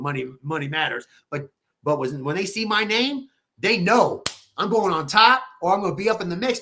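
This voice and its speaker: High-pitched, animated man. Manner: animated storyteller, swears freely, quotes people in lively put-on voices. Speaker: podcast guest, real estate agent. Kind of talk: casual podcast interview.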